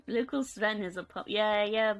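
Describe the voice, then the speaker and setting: A woman's voice: mid-range voice, normal speed, soft background music. A young woman chatting casually on a live stream, giggling often and reading out chat. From United Kingdom.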